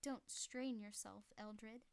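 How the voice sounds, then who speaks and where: A woman's voice: medium pitch, steady tone, takes it slowly, vocal fry, darkish tone. A woman reading as a curt hired gunman. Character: terse hired male gunman.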